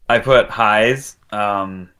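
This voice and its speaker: Deadpan low-voiced male guest. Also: clear, resonant tone. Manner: dry, deadpan jokes. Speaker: podcast guest. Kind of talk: casual chat.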